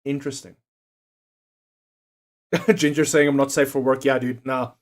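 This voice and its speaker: A man's voice: medium pitch, little pitch movement, measured pace. A young man, chatting casually to his live-stream chat while doing a quiz. He swears freely, jokes, and laughs often. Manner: profane, joking, laughs often, talks to chat.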